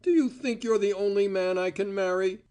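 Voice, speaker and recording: A man reading an audiobook voices a furious, scornful young woman with a shrill, screaming tone. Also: normal speed, warm tone, close to an everyday voice. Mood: hysterical rage. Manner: scornful and bitter. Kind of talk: audiobook character voice.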